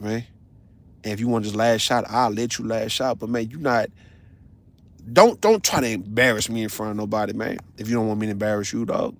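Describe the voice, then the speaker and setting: Gravelly man ranting bluntly. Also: lowish voice. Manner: profane, animated storytelling; blunt, confrontational. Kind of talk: casual livestream rant.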